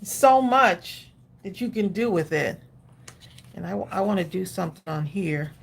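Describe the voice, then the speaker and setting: A woman hosts a crafting livestream, chatting casually, encouraging her viewers and laughing often. Her voice is fairly low, expressive and gravelly, with a breathy edge and an unhurried pace.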